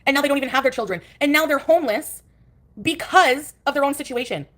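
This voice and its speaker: A woman's voice: high voice, animated, fast, fairly bright tone. A woman livestreaming from her couch, ranting angrily and profanely at rivals in a cutting, confrontational tone. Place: at home on a couch.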